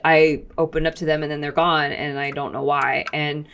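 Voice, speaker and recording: A woman's voice: low-pitched, little pitch movement, normal speed, a bit bright, clear, resonant tone. A young woman, a podcast co-host, talking casually and rambling with many "like"s, teary and emotional. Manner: rambling, heavy use of "like", laughs through tears. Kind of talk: casual chat.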